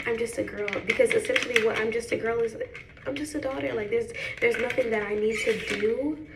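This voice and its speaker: Young woman, chatty makeup vlogger, roomy and noisy recording. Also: mid-range voice. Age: 20s. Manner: chatty, animated, addresses viewers as y'all. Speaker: beauty vlogger. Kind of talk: casual chat while doing makeup. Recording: echoey room with background noise.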